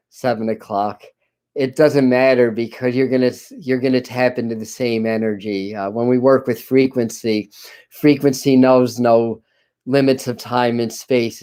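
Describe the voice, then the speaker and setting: A man hosting a spiritual channeling live stream from a dim room at home, talking casually in halting phrases with frequent restarts. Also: mid-range voice, smooth. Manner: halting, many restarts and apologies, soft laughs. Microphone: computer camera live stream.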